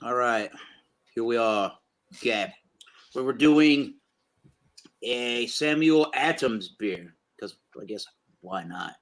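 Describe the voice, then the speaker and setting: A man's voice: medium pitch, animated, slow, long pauses, fairly bright tone, poor audio. A man hosting a casual beer review show, rambling through tasting notes with plenty of fillers.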